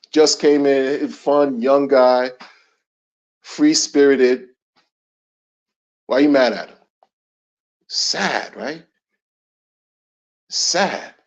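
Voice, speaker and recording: A man's voice: medium pitch, animated, very slow, long pauses. A middle-aged man ranting in casual commentary, emphatic and slangy, repeating his points. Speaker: commentary channel host. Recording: dull lo-fi recording.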